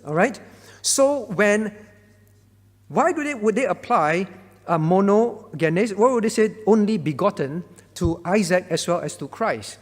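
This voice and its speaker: A man teaching a Bible question-and-answer session as pastor. His voice sits high for a man. He explains step by step, often checking that his listeners follow, and a long reverb from the hall trails after his words. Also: expressive, measured pace.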